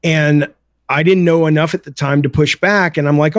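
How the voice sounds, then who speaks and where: A man's voice: on the high side, fairly even intonation, moderate pace, no echo. A middle-aged man, a game developer guest on a podcast, talking in a blunt, emphatic, opinionated way. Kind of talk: casual podcast chat.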